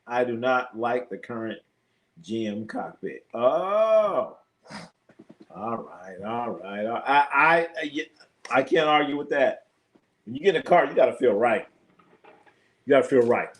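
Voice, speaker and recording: Animated, profane middle-aged male streamer. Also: mid-range voice. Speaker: sports stream host. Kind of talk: casual live-stream chat.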